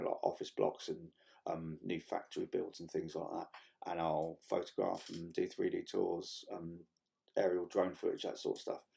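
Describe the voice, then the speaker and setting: A man, rambling casually to camera in a vlog, swearing freely and filling pauses with ums and restarts. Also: low voice, creaky, dark tone. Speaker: vlogger.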